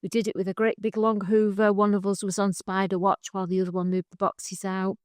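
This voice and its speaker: A middle-aged woman, co-hosting a casual chat, animated and quick to laugh. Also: mid-range voice, no echo, clean studio sound. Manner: chatty, laughs often, animated storytelling. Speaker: podcast co-host.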